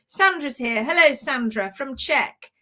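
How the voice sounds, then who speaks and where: A woman with a high, bright voice hosts a casual live stream. She chats easily, laughs often and greets viewers one by one. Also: animated, unhurried.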